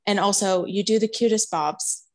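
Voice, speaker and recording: Woman interviewer, casual and upbeat, middle pitch. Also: moderate pace. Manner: chatty, upbeat, uses "like" often. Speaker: interviewer, hairstylist.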